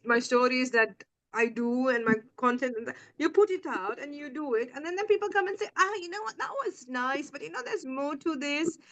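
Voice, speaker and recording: A woman's voice: sits high, fairly bright tone, no room sound, low-quality recording. A woman hosting a podcast as a coach, talking bluntly and acting out quoted dialogue in candid chat.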